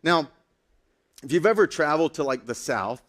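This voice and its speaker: A man preaching a sermon as a pastor, telling a story in a casual, animated way with lots of fillers. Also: fairly high pitch, moderate pace.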